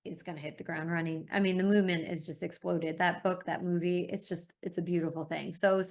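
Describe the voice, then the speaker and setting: A middle-aged woman talking as a guest in an interview, telling stories in an emphatic, animated way. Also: lowish voice, brisk. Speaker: interview guest, parent advocate. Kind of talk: conversational interview.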